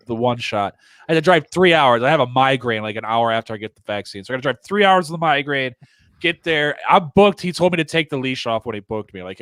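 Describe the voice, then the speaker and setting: A man telling stand-up road stories in a casual podcast chat, brash and profane, sometimes loud and laughing. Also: medium pitch, clear, resonant tone, dry recording. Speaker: touring stand-up comedian, podcast guest.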